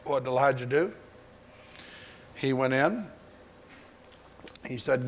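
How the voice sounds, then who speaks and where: A pastor preaching a folksy storytelling sermon, retelling scripture and acting out its voices, on a 1980s sermon recording. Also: male voice, mid-range voice, takes it slowly, creaky, pauses often, a little hiss or hum.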